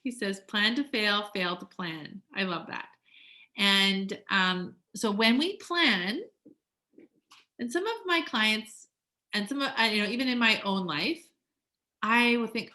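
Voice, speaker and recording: A woman's voice: medium pitch, lively intonation, slow pace, sharp tone. A woman in her forties coaching clients from her home studio, chatty and encouraging, often acting out her own thoughts. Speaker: weight-loss coach. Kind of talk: casual coaching talk to clients.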